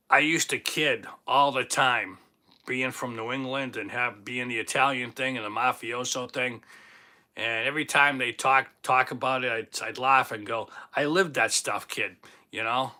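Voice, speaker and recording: A man's voice: mid-range voice, sharp tone. A man in his fifties with a Boston accent, hosting a casual livestream, joking and chatting as he reads viewer comments. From Boston, Massachusetts. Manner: jokey, chatty, self-teasing. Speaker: livestream host.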